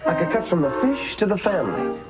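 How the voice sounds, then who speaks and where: A young actor playing an earnest, idealistic son planning a film in a 1960s sitcom. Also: male voice, high-pitched, wildly swooping pitch, quick pace. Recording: dull old TV soundtrack with music.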